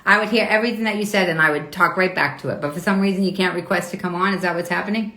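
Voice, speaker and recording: A woman's voice: fairly low pitch, rapid-fire, pushed and bright. A woman hosting a live online talk show, arguing with her viewers in a confrontational, profane, indignant way. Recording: roomy echo.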